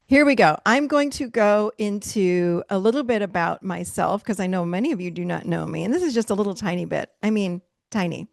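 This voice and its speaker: A middle-aged woman leading a virtual workshop, telling stories in a casual, animated way and acting out what people said, with frequent laughs. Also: medium pitch, vocal fry, no echo, studio quality. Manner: animated storytelling, acts out quotes with laughs. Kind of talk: casual talk to a group. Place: video call. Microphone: video call mic.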